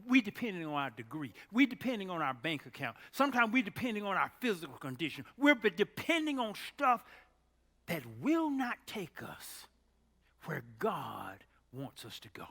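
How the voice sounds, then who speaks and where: A man preaching a storytelling sermon, animated, exclaiming loudly at times and dropping to a hush at others. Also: on the high side, moderate pace, big-room sound.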